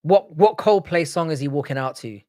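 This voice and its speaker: A man's voice: fairly high pitch, animated, moderate pace, darkish tone, no room sound, studio quality. A young man hosting a live stream, casually bantering with chat, swearing freely and often restarting his sentences. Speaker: livestream host.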